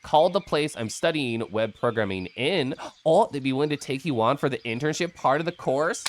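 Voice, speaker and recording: A man from the Midwest, hoarse, chatting casually and profanely on a livestream. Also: medium pitch, animated, normal speed. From American Midwest. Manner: loose, profane and chatty with frequent laughs. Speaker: streamer.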